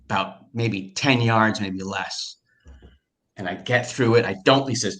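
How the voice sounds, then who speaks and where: Excitable man with a bright, lowish voice. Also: measured pace. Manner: excitable, lots of filler words and restarts. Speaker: storyteller recounting a personal experience. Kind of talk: casual conversational storytelling.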